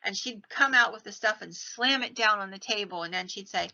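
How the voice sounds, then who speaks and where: A woman hosts a podcast, retelling ghost stories in a casual, animated way. Her voice is bright and clear-toned. The recording sounds a little dull and lo-fi. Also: medium pitch, a little fast. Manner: animated retelling, acts out quoted lines in her own voice. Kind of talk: casual storytelling. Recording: slightly dull lo-fi podcast audio.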